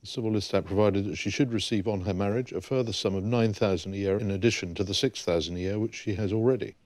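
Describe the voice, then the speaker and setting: Low, emphatic male historian, dry close sound. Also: darkish tone, dry recording. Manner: emphatic, reads out documents. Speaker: historian explaining archive papers. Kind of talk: explanatory interview.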